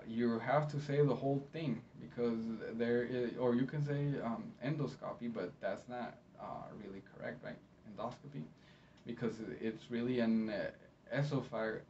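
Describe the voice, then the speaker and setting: A man's voice: medium pitch, a little mellow. Friendly man, distant lo-fi sound. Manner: friendly, encouraging, pauses often mid-sentence. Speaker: medical interpreter. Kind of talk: educational talk to camera. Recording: slightly distant, dull lo-fi sound, faint noise.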